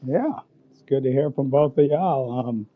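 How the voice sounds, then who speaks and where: A man's voice: mid-range voice, normal speed, phone-quality sound. A man, joining a casual chat as a guest and talking eagerly. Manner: eager, enthusiastic.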